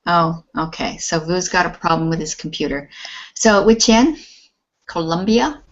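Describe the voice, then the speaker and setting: A woman teacher with a slightly low voice speaks slowly and patiently, encouraging her students one by one. Her voice comes through a muffled, lo-fi video call. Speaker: English teacher. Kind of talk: online class teaching.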